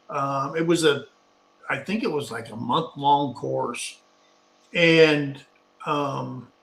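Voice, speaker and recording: A man's voice: fairly high pitch, sharp tone. A middle-aged man co-hosting a casual live talk show, telling a rambling anecdote and acting out what people said. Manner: rambling anecdotal, acts out quotes. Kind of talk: casual storytelling chat. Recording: echoey room.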